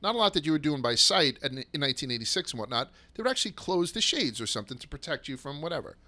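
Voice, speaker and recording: A man hosting a podcast, telling stories in a casual, profane, excitable way that sometimes rushes and stumbles over his words. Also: a little high. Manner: rushes and restarts when excited. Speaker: podcast host. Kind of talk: casual storytelling chat.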